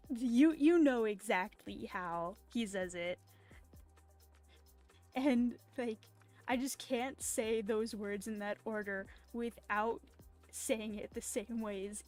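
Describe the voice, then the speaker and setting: Woman artist, unhurried, higher voice, rambly chat over faint music. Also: darkish tone. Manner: rambling, tangent-prone, chatty. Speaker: artist streamer. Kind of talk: casual chat while drawing. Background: faint background music.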